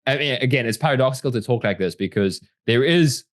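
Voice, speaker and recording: A man's voice: medium pitch, expressive, fast talker, no room sound, clean studio sound. A man as the guest in a casual interview, talking reflectively and animatedly with many fillers.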